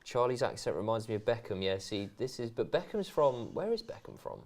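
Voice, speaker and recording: A man's voice: medium pitch, sing-song, fairly quick, a little mellow. A man co-hosting a casual football watchalong, reading out viewer comments, chatty and laughing often. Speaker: co-host reading viewer chat. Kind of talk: casual chat during a match watchalong.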